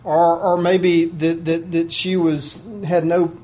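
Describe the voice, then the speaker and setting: A man's voice: fairly high pitch, little pitch movement, takes it slowly, a little mellow. A man preaching a sermon, conversational and heartfelt, often asking his listeners questions. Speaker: pastor.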